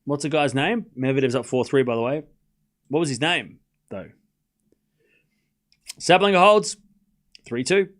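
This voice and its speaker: A livestream tennis watchalong host speaks in a mid-range voice at a measured pace, leaving long pauses. He's animated and joking, reading scores aloud and chatting casually with his viewers.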